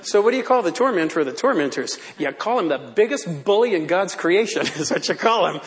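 A man's voice: sits high, big pitch swings, a little fast, few pauses. A male pastor delivering a sermon in a church, playful and theatrical, often laughing.

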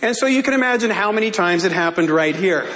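High-voiced pastor preaching in a hall. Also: male voice, fast, some chatter behind. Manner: animated storytelling, laughing often. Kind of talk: sermon. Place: church sanctuary.

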